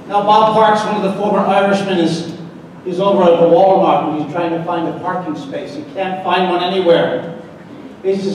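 At a breakfast event in a large banquet hall, a male master of ceremonies with a high, slightly mellow voice and fairly even intonation speaks at a moderate pace, teasing guests and telling jokes straight to the crowd. The recording is echoey and distant, with slight background noise.

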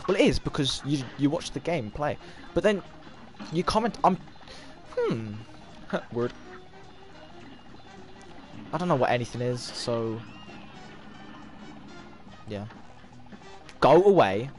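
A sixteen-year-old boy streaming a game, excitable and swearing, shouting at the game. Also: medium pitch, slow, pauses often, faint music behind. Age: teens. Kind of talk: live gameplay commentary.

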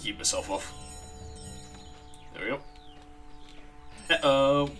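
A man's voice: mid-range voice, lively intonation, normal speed, fairly bright tone, soft background music. A man giving wry, sweary commentary while playing a game. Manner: sweary, wry, talking to himself. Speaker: streamer. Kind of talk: casual gameplay commentary.

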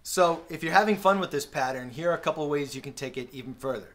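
A man with a slightly raised voice teaches drum patterns in a friendly, easygoing way. He fills the gaps with small "uh"s and sings the drum beats out loud. He is recorded on a camera mic in a practice room with a drum kit. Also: a little high, quick pace, a little hiss or hum. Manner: relaxed, friendly explaining with fillers and sung drum sounds. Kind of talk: casual instructional talk. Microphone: camera-mounted recorder.

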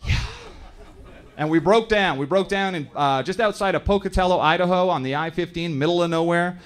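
A Canadian man in his thirties performing a stand-up comedy set on a club stage, telling family stories and briefly acting out other people in quick voices. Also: high-pitched, clean tone. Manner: storytelling, acts out other characters in quick voices.

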